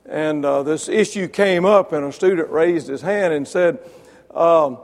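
A man preaching a sermon, building to loud emphatic peaks, then dropping low, with wry asides to listeners by name. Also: a little slow. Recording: long reverb of a large hall.

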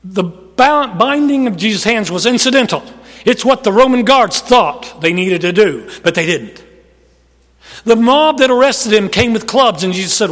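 A man preaching a sermon as a pastor, emphatic, rising loud and dropping to a hush. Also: sits high, expressive, moderate pace, long reverb tail.

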